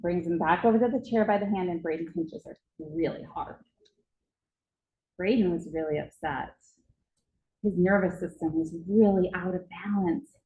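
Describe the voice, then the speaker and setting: A woman's voice: on the low side, moderate pace, echoey room, narrow, tinny audio, a little hiss or hum. A woman speaking at a conference, telling a vivid story about a child and acting out its moments. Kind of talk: storytelling presentation. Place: conference hall.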